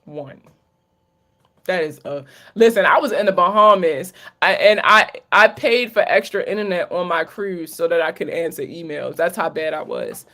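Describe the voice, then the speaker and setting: A woman's voice: on the low side, expressive, moderate pace, hardly any pauses, fairly bright tone. A woman from Maryland with a Maryland accent, a credit coach answering viewer questions in a casual livestream Q&A, candid and sprinkled with profanity and slang. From Maryland, USA. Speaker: credit coach hosting a live Q&A.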